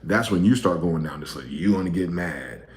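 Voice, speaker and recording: A man delivering a blunt, profane monologue rant, swinging between loud outbursts and low, muttered asides. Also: lively intonation, moderate pace, roomy sound. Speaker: video commentator.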